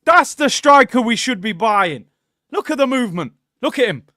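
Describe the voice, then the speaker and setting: Exasperated, high-voiced football streamer. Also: male voice, normal speed, no echo, clean studio sound. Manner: exasperated, sarcastic, bursts into loud excited shouting. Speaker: football watchalong host. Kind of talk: casual live-stream rant.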